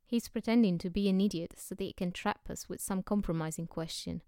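A woman's voice: medium pitch, brisk, mellow, no room sound, studio quality, lightly acted. A woman reading the lines of a young, hot-headed male poet who is suspicious and blunt, often in an urgent whisper.

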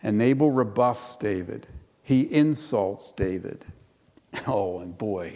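A man's voice: on the low side, lively intonation, slow, dark tone. Man preaching in a reverberant hall. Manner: reads scripture then explains it conversationally, with playful voices for quotes. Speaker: pastor. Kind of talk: sermon. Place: church.

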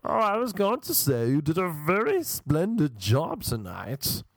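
A man's voice: a little high, huge pitch swings, no echo, voice pushed up, heavily acted. A man voicing a pompous young man who puts on a fake posh voice, haughty and drawn out. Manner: haughty, drawn-out, name-dropping.

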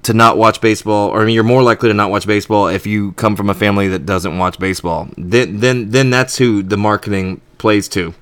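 A man's voice: lowish voice, fairly even intonation, fairly quick, hardly any pauses, fairly bright tone, clean tone, no room sound. A man co-hosting a podcast in casual chat, rambling and opinionated with many restarts. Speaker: podcast co-host.

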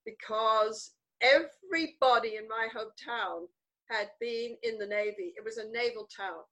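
Animated older Englishwoman telling stories. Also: on the high side, moderate pace, low-quality recording. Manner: animated, emphatic, repeats words for stress. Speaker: guest author. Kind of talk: conversational interview storytelling.

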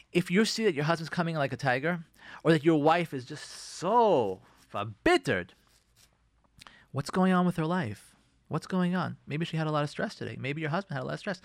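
A man hosting a radio show, giving marriage advice in an animated way and acting out arguing spouses. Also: a little high, no echo, clean studio sound. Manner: lively, acts out quoted spouses in raised voice.

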